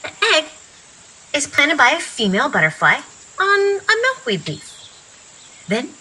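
Slow sing-song preschool teacher woman. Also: sits high, rough recording. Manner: slow, sing-song, animated for little kids. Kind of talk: children's circle time and story read-aloud.

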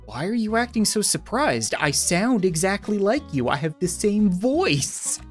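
A woman voicing an eerie little food creature in a game who speaks slowly and ominously. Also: medium pitch, very animated, faint music behind.

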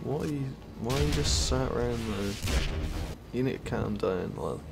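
A man's voice: mid-range voice, lively intonation, normal speed, creaky, loud music behind the voice. A young British man taunting another player in online game voice chat, laughing often and swearing casually. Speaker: YouTube gaming creator. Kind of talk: teasing gaming voice chat.

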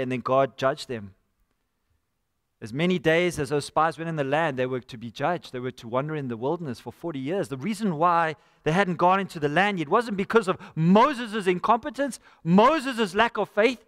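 A man's voice: on the high side, moderate pace, fairly bright tone, studio quality. A man preaching a live sermon as pastor, earnest and conversational, often addressing listeners as friend. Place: church sanctuary. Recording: church hall with long reverb.

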